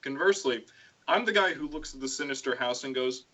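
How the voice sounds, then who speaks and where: A man hosting a casual chat, an animated storyteller who swings into high put-on voices for quotes. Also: fairly quick, husky, highs cut off. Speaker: stream host.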